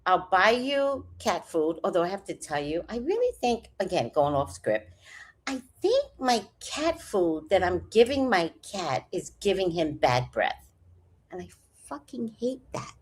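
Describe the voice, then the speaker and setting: Animated woman with a wildly swinging voice. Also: fairly low pitch, measured pace, slightly rough. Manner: animated, rambling and profane, joking asides. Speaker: vlogger. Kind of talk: casual livestream chat reading comments.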